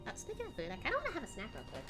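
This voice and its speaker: A young woman streaming a game, chatting casually with giggly, animated reactions. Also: high voice, rapid-fire, over music.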